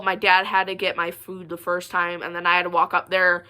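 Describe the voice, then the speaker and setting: Bright-voiced young woman vlogger. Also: lowish voice, monotone, fairly quick, smooth. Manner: chatty, rambling, many fillers and asides. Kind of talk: casual storytelling to camera.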